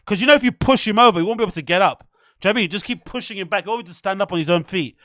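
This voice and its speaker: A man's voice: sits high, rapid-fire, fairly bright tone, no echo, clean studio sound. A man hosting reaction commentary, mocking, profane and exasperated. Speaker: show host.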